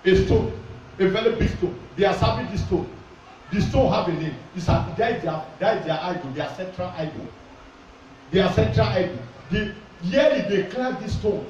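Pastor shouting in an echoey hall. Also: male voice, high voice, animated, normal speed, dull audio. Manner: forceful, repetitive, commanding, often shouting. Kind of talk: prophetic sermon with shouted prayer. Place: large church hall. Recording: echoey church hall, voice from far off, congregation noise.

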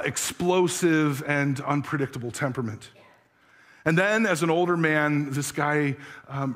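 A man's voice: fairly high pitch, fairly bright tone. Earnest man preaching a sermon. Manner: earnest, searching questions to the congregation; tells a story with acted voices. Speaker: pastor.

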